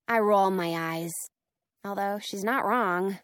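A woman reading a children's storybook aloud in an expressive, animated way. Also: medium pitch, slow pace, no echo, studio quality.

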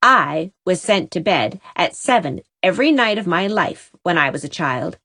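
A woman's voice: on the low side, very animated, moderate pace, no room sound, full character voice. A woman voicing a gloomy, disapproving old aunt who speaks darkly and mournfully. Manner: dark, mournful.

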